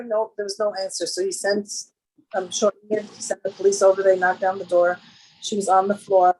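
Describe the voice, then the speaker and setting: A woman's voice: medium pitch, darkish tone, poor audio. A woman giving a storytelling talk to a women's gathering, chatty and full of fillers, often jumping into livelier voices for the people in her stories. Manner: conversational, with many fillers and jumps into quoted voices.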